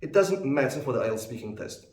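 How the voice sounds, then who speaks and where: A man explaining pronunciation to learners in a calm, patient teaching voice. He repeats example words slowly and clearly, in a medium-pitched voice. The sound has a noticeable room echo. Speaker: English test teacher. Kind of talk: explanatory lesson.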